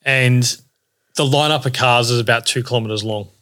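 Easygoing aussie guy, mid pitch voice, just chatting and agreeing along. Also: moderate pace, pushed and bright. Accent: Australian. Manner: laid-back, agreeable, chipping in with short replies. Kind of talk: casual chat.

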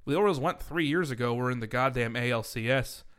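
A man's voice: medium pitch, quick pace, a bit bright, clean tone. A man co-hosting a casual podcast, joking and swearing freely and laughing often as he talks about baseball. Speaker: podcast co-host.

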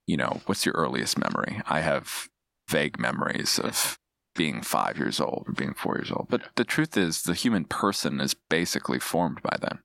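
Very deep-voiced man, thoughtful podcast guest. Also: gravelly, a bit bright, no room sound, clean studio sound. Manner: thoughtful, digressive, with frequent restarts and "you know". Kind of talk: casual analytical discussion.

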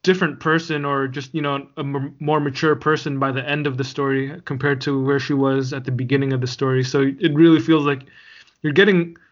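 A man's voice: medium pitch, flat delivery, fairly quick. A man co-hosting a podcast, chatting casually and laughing easily. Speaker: podcast co-host. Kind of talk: casual chat. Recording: dull lo-fi sound.

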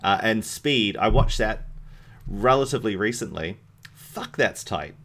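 Man, podcast co-host, lowish voice, casual film chat, enthusiastic, swears a lot. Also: lively intonation, measured pace, fairly bright tone. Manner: enthusiastic, swears freely, trails off with fillers.

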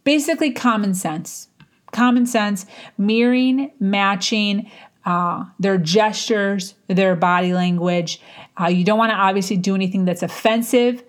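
A woman's voice: mid-range voice, unhurried. A woman giving conversational advice on building rapport, speaking casually with frequent fillers and restarts. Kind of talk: casual instructional talk.

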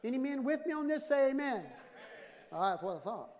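A man in his fifties preaching a sermon with humor, animated and jokey, acting out little dialogues. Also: very high-pitched, fairly quick. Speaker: pastor. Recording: long hall reverb.

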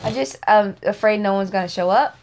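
A woman's voice: medium pitch, a little fast, crowd noise. A young woman co-hosting a podcast in an easygoing, supportive, casual way. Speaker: podcast co-host. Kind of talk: casual chat.

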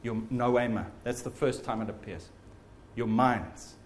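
A man preaching a sermon in an earnest, animated way. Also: mid-range voice, measured pace, slight background noise.

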